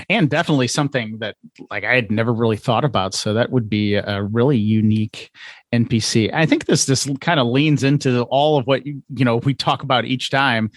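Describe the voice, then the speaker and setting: A man's voice: mid-range voice, dry recording, studio quality. A man hosting a podcast, chatting casually and enthusiastically with his guest. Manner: enthusiastic, agreeable. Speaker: podcast host. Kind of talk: casual chat.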